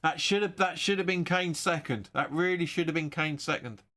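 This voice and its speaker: Guy doing live footy watch-along commentary, bit high voice, swears a lot and rambles. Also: moderate pace, sharp tone. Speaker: host of a football watch-along stream.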